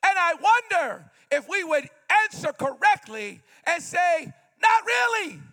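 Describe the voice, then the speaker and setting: High-voiced young man preaching fervently. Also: big pitch swings, measured pace. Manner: fervent preaching with repeated refrains, often shouting. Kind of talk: sermon.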